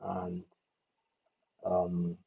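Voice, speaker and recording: Gravelly man on tinny audio. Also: sits low, completely flat delivery, drawn-out words. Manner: thinking aloud, rambling with fillers and restarts. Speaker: video editing tutor. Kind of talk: casual screen-recorded tutorial.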